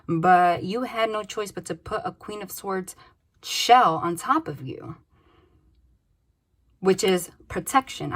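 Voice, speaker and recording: Animated woman giving a tarot reading. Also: mid-range voice. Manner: animated, swearing, bursts of excited exclamations. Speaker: tarot reader. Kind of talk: casual tarot reading to camera.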